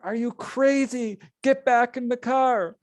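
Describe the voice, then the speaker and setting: A man voicing a frightened woman whose voice leaps up high and gets loud and shrill as she pleads with him to hurry. The sound is dry and close, with no room around it. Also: fairly even intonation, slow, dry recording. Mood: alarmed. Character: frightened, insistent woman companion.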